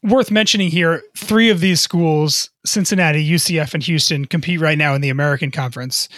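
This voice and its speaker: A man co-hosting a podcast, explaining the news in a measured, casual way with some restarts. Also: on the high side, a bit bright, no echo, studio quality. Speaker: podcast co-host, business journalist.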